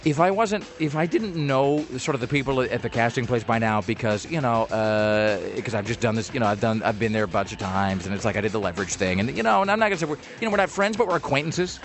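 A man's voice: mid-range voice, quick pace, few pauses, soft background music. Rambling man telling a story. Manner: rambling, self-interrupting, lots of fillers. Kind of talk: casual storytelling chat.

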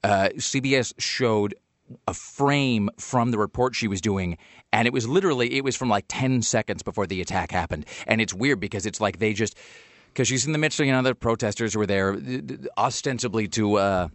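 Fast-talking male radio host. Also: fairly low pitch, no echo. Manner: rambling, wry and joking. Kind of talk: casual radio banter.

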